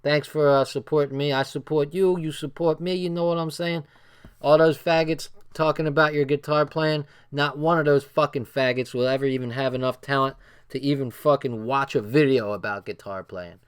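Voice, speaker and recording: Smooth-voiced New Jersey man, blunt. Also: a little high, fairly even intonation, moderate pace. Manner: blunt, emphatic, repeats phrases for stress. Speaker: livestream host reading a book aloud. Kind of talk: casual reading and commentary livestream.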